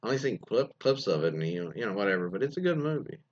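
A man's voice: on the low side, big pitch swings, racing. Guy riffing on listener stories, bouncy up and down voice, kinda muffled lo-fi sound. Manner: rambling, laughing, many fillers and restarts. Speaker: host reading listener stories. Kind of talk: casual comedic commentary.

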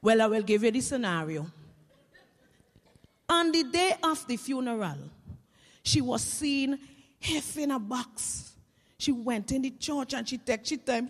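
A Vincentian woman, a teacher, telling comic stories to an audience in a lively, animated way. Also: a little high, measured pace, long pauses, long reverb tail. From Saint Vincent and the Grenadines. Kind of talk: comic stage storytelling.

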